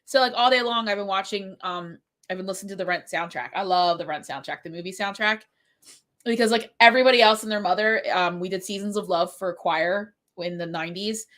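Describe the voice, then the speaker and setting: A woman's voice: medium pitch, brisk, fairly bright tone. A woman in her forties, a middle school French teacher, chatting casually from home on a stream with a congested voice, rambling through stories with lots of fillers. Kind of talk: casual livestream chat during writing sprint.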